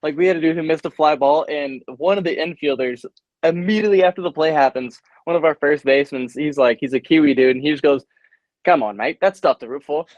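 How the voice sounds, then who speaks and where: An energetic young man chats as an interview guest, slangy and hyped up. His voice sits on the higher side. The audio comes through dull and dry, like a remote call. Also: quick pace, no echo. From United States. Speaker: guest, baseball prospect. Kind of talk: casual interview chat.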